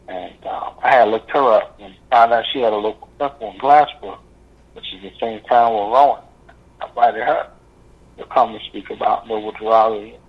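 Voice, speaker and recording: A man telling his story as an interview guest, rambling and halting with many fillers. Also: lowish voice, slightly rough. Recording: muffled lo-fi audio.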